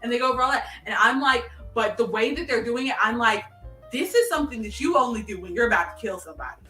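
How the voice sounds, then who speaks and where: A woman co-hosting a casual chat, excitedly retelling a TV episode and acting out its dialogue. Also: on the high side, quick pace, reverberant, recorded from a distance, soft background music. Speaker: podcast co-host. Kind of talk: casual chat recapping a TV show.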